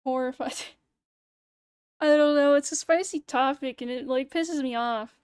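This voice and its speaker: A woman's voice: sits high, a little slow, a little mellow, no echo. A young woman streamer in casual livestream chat, ranting sarcastically and swearing freely into a close mic. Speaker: VTuber streamer.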